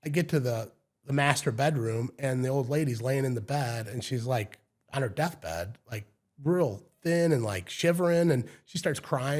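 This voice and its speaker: A man, a home inspector and podcast guest, telling stories in a casual, animated way and acting out the people he quotes. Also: medium pitch, moderate pace. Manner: animated, acts out quoted voices loudly. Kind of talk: casual storytelling.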